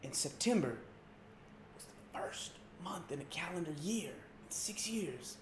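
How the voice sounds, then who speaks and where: A man's voice: a little high, animated, unhurried, noisy background. A man hosting a comedic sports rant, loose and slangy, mocking and rambling. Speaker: comedy sports show host. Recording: roomy echo.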